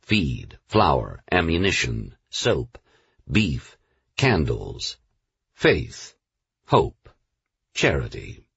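A man reading a novel aloud as a narrator, in a measured storytelling manner. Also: rumbling low, wildly swooping pitch, vocal fry, a bit bright, breathy edge, no echo. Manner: measured storytelling, slows on lists. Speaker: audiobook narrator. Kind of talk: scripted narration. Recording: dull, dry studio recording.

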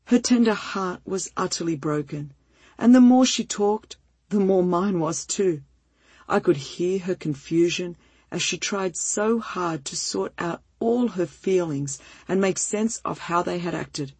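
A woman reading a first-person story aloud in a gentle, heartfelt and measured way, with a breathy voice. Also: lowish voice, dry recording. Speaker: narrator.

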